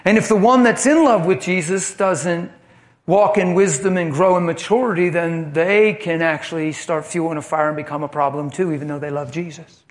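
An impassioned man preaching a sermon, his voice high for a man. He swings between hushed moments and fired-up, loud stretches. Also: normal speed. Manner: impassioned, animated preaching, rising and falling.

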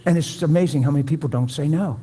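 A man's voice: fairly high pitch, fast talker, mellow. A man preaching a sermon to a room, folksy and conversational, pleading with his listeners. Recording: long hall reverb.

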